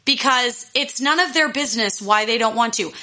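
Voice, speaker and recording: A young woman coaching her listeners in a loose, candid chat, fired up and blunt, with the odd swear word. Her voice sits a little high and sounds bright and forceful. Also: moderate pace. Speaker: life coach. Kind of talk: casual solo talk to listeners.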